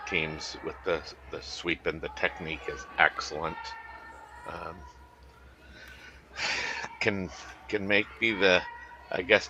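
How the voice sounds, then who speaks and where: Deep-voiced halting curling co-commentator. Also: male voice, bright, forceful tone, a little hiss or hum, rough recording. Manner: hesitant, halting, filler-heavy. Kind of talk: live sports commentary, casual chat.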